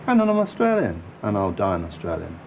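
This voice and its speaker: A man's voice: low-pitched, wildly swooping pitch, a little fast, vocal fry, lo-fi sound, a little hiss or hum. An English man with an English accent, talking emphatically and with good humour in an interview. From England.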